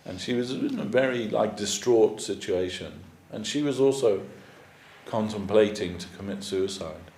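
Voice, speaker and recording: A man's voice: on the low side, moderate pace, darkish tone. Roomy-sounding male spiritual teacher. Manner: conversational, many fillers. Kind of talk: storytelling sermon. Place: temple hall.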